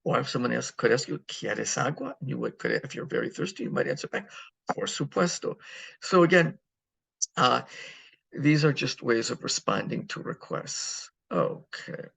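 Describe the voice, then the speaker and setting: Male language teacher, gravelly and husky voice, patient pacing, slow repetition of phrases. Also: medium pitch, big pitch swings, fairly bright tone. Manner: patient, repeats phrases slowly, many fillers. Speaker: Spanish teacher. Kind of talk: recorded online lesson walkthrough.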